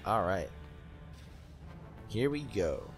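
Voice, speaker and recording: Excitable, rambling young male gamer. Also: lowish voice, extremely slow, soft background music. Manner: excitable, rambling with many fillers. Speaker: let's play host. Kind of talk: gaming commentary.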